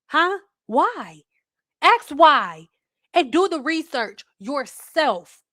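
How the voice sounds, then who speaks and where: A woman's voice: high voice, sing-song, drawn-out words, sharp tone, no echo, clean studio sound. A woman ranting as a hair care educator, blunt, exasperated and profane in casual livestream talk.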